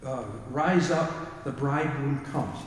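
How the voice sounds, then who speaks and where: A man's voice: mid-range voice, takes it slowly, far from the mic, a little hiss or hum. Man lecturing on music in an echoey hall. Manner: hesitant, many fillers, sings short phrases and hums rhythms.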